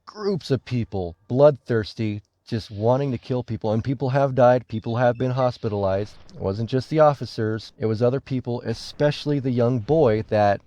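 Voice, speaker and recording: A man delivers a rambling video rant, indignant and full of swearing. His voice is dark and mellow at a middle pitch. The recording is dull and lo-fi and dry, close up. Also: moderate pace, few pauses, dry recording. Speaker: commentator. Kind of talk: ranting video commentary.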